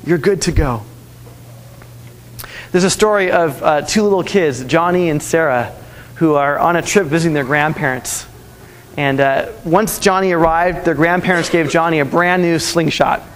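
A man's voice: a little high, moderate pace, fairly bright tone, in a large hall, a little hiss or hum. A man preaching a sermon, earnestly telling stories and repeating his key lines. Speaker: pastor.

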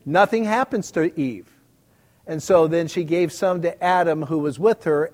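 A man's voice: on the high side, moderate pace, darkish tone. A middle-aged man preaching a sermon and reading scripture, talking conversationally with joking asides to the congregation. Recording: echoey hall reverb.

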